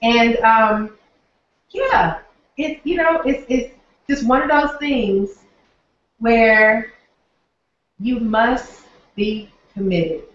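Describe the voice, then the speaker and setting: A woman's voice: fairly high pitch, very slow, pauses often, a bit bright. A woman with a Southern accent, hosting a live online training and signing off to viewers in an upbeat, folksy way from her office. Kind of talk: live webinar sign-off. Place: office, alone. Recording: very echoey, distant, dull lo-fi.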